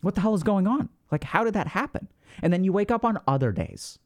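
A man hosting a podcast, explaining in a casual, animated way, often acting out inner voices and asking "right?". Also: sits high, a little fast. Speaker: podcast host.

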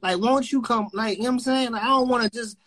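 A man's voice: very high voice, fast talker, fairly bright tone. A man in casual chat, talking loosely and profanely and often circling back on his words. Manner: loose, profane, rambling and repeats himself.

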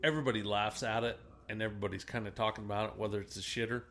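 A man's voice: lowish voice, rapid-fire. A man with a Permian Basin drawl hosting a podcast, telling crude stories with lots of laughter. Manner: crude, laughing, animated storyteller. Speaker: podcast host. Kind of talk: casual podcast chat.

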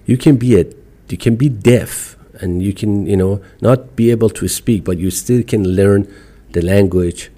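A middle-aged man from Iran speaks with a strong Iranian accent, his voice fairly low and dark in tone. He talks as an interview guest in a casual, emphatic way, pushing his points with animated bursts and non-native phrasing. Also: normal speed. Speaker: podcast guest.

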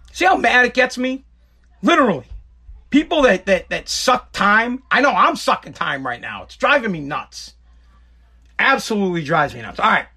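A thirtysomething podcast host with a high, bright, forceful voice and a breathy edge swings widely in pitch, speaking at a moderate pace and pausing often. He rants casually, profanely, and repeats himself a lot.

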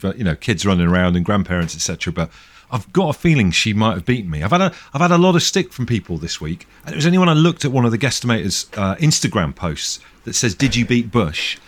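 Podcast co-host, thirties, rapid and animated, lowish voice. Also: male voice. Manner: chatty, jokey and animated. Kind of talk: casual chat. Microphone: video call.

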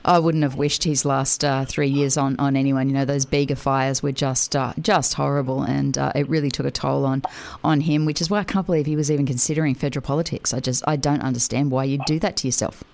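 A woman with a very low voice hosts a casual radio interview. She talks in an easy, conversational way, often pausing on fillers. Her questions to her guest stay relaxed and chatty. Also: creaky. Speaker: radio host.

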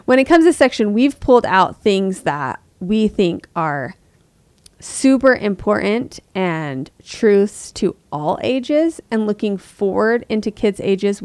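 A woman's voice: medium pitch, a little mellow, no room sound. A woman in her thirties co-hosting a parenting podcast, chatting casually and acting out quoted voices. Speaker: podcast co-host.

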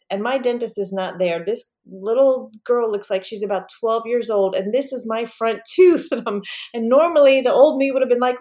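A woman speaking as a podcast guest, recounting a personal story in a lively way and acting out the voices of the people in it. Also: a little high, normal speed, hardly any pauses. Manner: animated, acts out quoted voices.

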